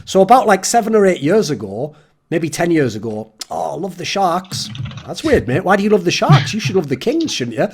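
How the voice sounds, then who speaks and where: A man's voice: sits high, very animated, brisk, darkish tone, slight background noise. A man with an English accent hosting a casual round-table chat, ranting and swearing, with mocking put-on voices. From England. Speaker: host.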